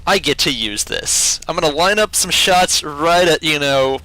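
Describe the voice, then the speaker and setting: A man's voice: a little high, moderate pace, bright, forceful tone, low-quality recording. A man playing in a tabletop game, joking and laughing in casual banter. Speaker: player.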